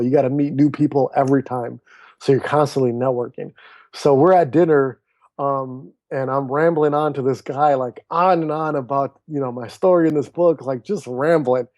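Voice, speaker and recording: As a podcast guest in a casual interview, an author and speaker in his thirties tells his story with animation, performing the voices of the people he mentions. His pitch is medium, and the recording has no room sound.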